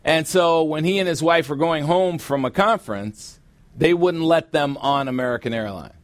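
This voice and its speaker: A middle-aged man preaching a sermon as pastor, with emphatic, drawn-out stresses. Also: on the high side, no room sound. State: sweating, warm from preaching. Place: church sanctuary.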